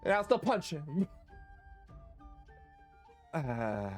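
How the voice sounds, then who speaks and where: A man's voice: a little high, big pitch swings, drawn-out words, a little mellow, faint music behind. A man streaming a video game, chatting casually, swearing and laughing as he talks. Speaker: gaming streamer. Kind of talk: casual let's-play chat.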